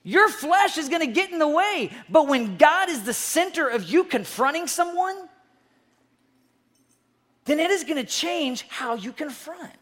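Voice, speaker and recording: A woman's voice: high voice, animated, measured pace, a bit bright. A woman youth pastor giving an evening sermon in a casual, conversational way, often restarting phrases and acting out quoted voices. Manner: acts out quoted voices to make points.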